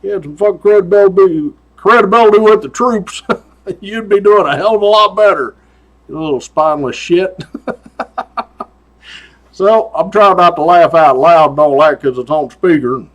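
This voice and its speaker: A man's voice: sits high, normal speed. A man hosting a show, telling a story in a casual, profane, folksy way and laughing often. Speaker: host.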